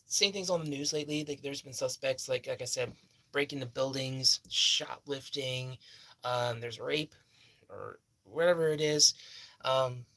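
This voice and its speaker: A young man telling a personal story in a rambling, halting way, full of fillers and restarts. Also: on the high side, creaky, sharp tone. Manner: halting, repeats himself, many fillers and restarts.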